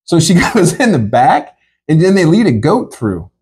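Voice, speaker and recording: A husky man with a lively, swinging voice, spinning a rambling comic story. He laughs his way through it and jumps into the voices of the people in it. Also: fairly high pitch, normal speed.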